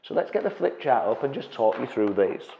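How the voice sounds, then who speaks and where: A man giving an energetic seminar presentation as a property investment trainer, often checking in with the audience. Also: mid-range voice, brisk, creaky, slight background noise. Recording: dull, echoey hall with long reverb.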